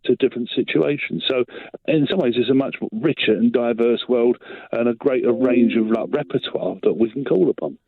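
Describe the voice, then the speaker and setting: An older man from London with a Cockney accent, talking as a guest in a radio interview, relaxed and rambling with many fillers. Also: mid-range voice, normal speed, vocal fry, dry recording. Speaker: festival director, guest. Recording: tinny phone line, dry.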